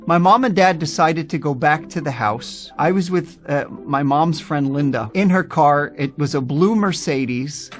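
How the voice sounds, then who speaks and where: A man from the United States telling his personal testimony in an earnest, animated way. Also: on the high side, unhurried, hardly any pauses, faint music behind. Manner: earnest, animated, acts out quoted voices. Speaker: speaker giving a personal testimony.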